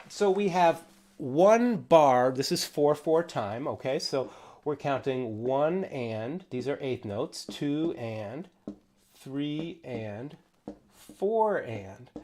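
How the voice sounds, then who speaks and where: Encouraging man teaching ukulele. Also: mid-range voice. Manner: relaxed, encouraging, counts beats aloud. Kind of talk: livestream music lesson. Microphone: livestream camera mic.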